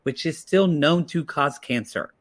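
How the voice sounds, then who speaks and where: A man's voice: fairly high pitch, unhurried. A man co-hosting a podcast, giving blunt and sassy opinions in a casual reality TV recap chat. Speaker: podcast co-host.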